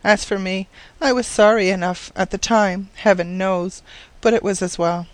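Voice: mid-range voice, steady tone, moderate pace, no echo, close to an everyday voice. Brief: reader doing a crushed, faint-voiced widow with a complaining tone, in an audiobook, dry close sound. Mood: sad. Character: sad, crushed widowed woman. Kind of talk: audiobook reading.

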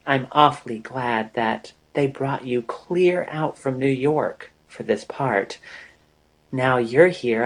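A man voicing a dreamy young actress who speaks softly and drowsily. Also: mid-range voice. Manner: soft, drowsy, breathy delivery.

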